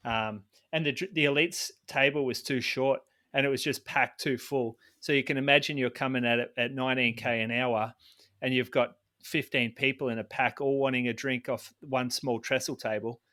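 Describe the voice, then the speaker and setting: A man's voice: medium pitch, steady tone, moderate pace, bright, forceful tone. A man co-hosting a podcast, asking questions and explaining his views in a casual way. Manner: explanatory, opinionated, asks follow-up questions. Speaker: podcast co-host. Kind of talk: casual conversational chat.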